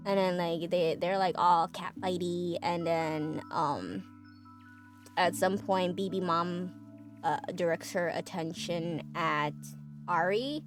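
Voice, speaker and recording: Chatty woman streamer, filler-heavy recap, soft music behind. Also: lowish voice, slow. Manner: chatty, lots of fillers and laughs. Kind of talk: casual story recap.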